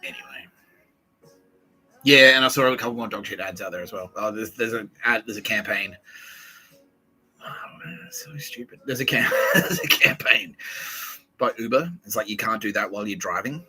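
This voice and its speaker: A man's voice: on the low side, moderate pace, long pauses, sharp tone, husky, faint music behind, rough recording. A man hosting a podcast, rambling through profane casual banter and laughing often. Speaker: podcast host.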